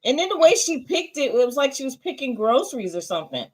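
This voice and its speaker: Lively higher-voiced woman chiming in. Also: a little hiss or hum, rough recording. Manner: quick agreeing interjections, mildly exasperated. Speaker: co-host of a TV review show. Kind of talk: casual chat.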